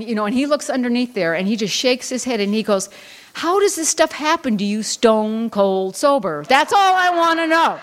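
Middle-aged lady rambling through her recovery story, lots of um and you know. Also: on the high side. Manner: rambling storyteller with many fillers and restarts. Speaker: Al-Anon speaker. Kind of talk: personal recovery talk.

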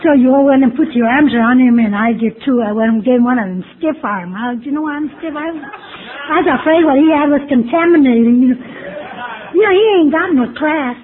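A woman with a high voice shares her recovery story at a meeting, candid and wry, poking fun at herself. The sound is thin and phone-like, with a faint hiss underneath. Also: fairly quick, a faint crowd. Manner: candid, self-mocking storytelling with wry humor.

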